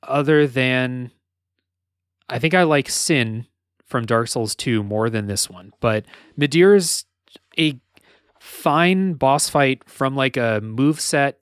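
A man's voice: mid-range voice, slow, clean tone, dry recording, studio quality. A man co-hosting a casual gaming podcast, rambling with lots of filler words and restarts. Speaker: podcast co-host.

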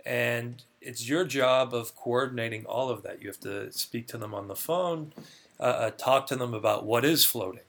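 A man's voice: mid-range voice, normal speed, fairly bright tone. A man being interviewed, explaining a job earnestly and often repeating words as he starts a thought. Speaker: clinical research guest. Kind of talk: conversational interview.

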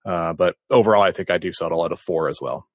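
A man's voice: sits low, quick pace, no room sound, clean studio sound. A man in a casual podcast chat, rambling through thoughtful analysis. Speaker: podcast co-host.

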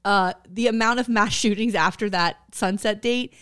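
A woman's voice: medium pitch, fairly even intonation, moderate pace, a bit bright, clean tone, dry recording, clean studio sound. A middle-aged American woman co-hosting a podcast in casual chat, blunt and profane, laughing often. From United States. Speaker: podcast co-host.

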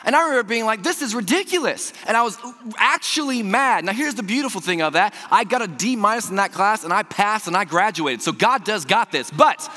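A young man preaching a sermon, telling stories with animated energy, then dropping to a soft, slow hush for scripture. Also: sits high. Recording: long hall reverb.

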